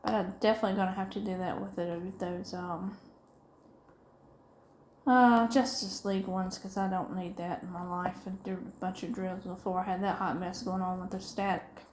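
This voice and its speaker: A woman's voice: mid-range voice, steady tone, normal speed, darkish tone, slight background noise. A middle-aged woman with a Southern US accent from upstate South Carolina, chatting in a rambling, folksy way while she crafts. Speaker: diamond painting vlogger.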